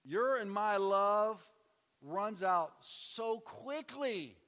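A man preaching a sermon as pastor, calling on the congregation to repeat after him and swinging between loud and soft. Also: sits high, lively intonation, drawn-out words. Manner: preaching with audience call-and-response and sweeping shifts in volume. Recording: long reverb of a large hall.

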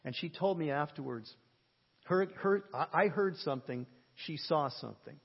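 A man preaching a sermon, telling a story in an animated way, with a husky voice. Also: a little high, moderate pace. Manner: animated, jokes and shouts at peaks. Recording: lo-fi sermon audio with long hall reverb.

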